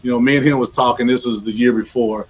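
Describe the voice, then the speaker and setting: Fast-talking earnest male co-host. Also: medium pitch, fairly even intonation, husky, poor audio. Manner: earnest, repeats words when starting a thought. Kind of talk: casual talk show chat.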